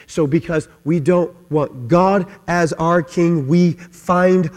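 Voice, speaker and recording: A man preaching a sermon, swinging from quiet talk to loud shouting. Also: fairly high pitch, slow pace. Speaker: pastor. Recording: long hall reverb.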